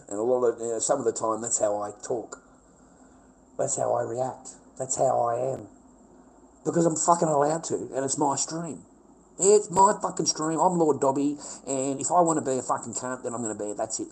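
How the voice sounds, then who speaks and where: A man's voice: mid-range voice, a little fast, darkish tone, poor audio. A man livestreaming, ranting in a blunt, rambling way full of swearing. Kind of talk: casual livestream rant.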